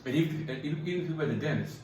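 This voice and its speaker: A man's voice: on the high side, very fast, echoey room, far from the mic, a little hiss or hum, rough recording. A man chatting casually as co-host, laughing often and repeating himself as he talks. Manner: laughs often, relaxed and repetitive. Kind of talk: casual chat.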